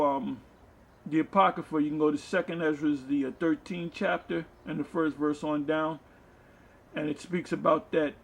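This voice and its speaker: A man's voice: fairly high pitch, gravelly, slightly rough. A man teaching scripture, who reads verses aloud and then explains them in a loose, filler-laden way. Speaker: preacher.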